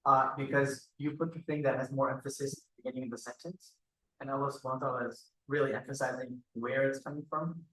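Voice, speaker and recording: Fast-talking student in an echoey room. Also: male voice, medium pitch, steady tone, bright, forceful tone. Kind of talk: answering in class.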